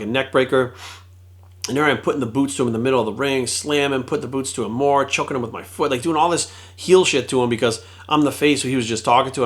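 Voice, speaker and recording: Fast-talking, profane middle-aged man. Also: medium pitch. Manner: fast, profane, animated retelling with acted quotes. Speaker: former pro wrestler telling a story. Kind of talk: casual storytelling vlog.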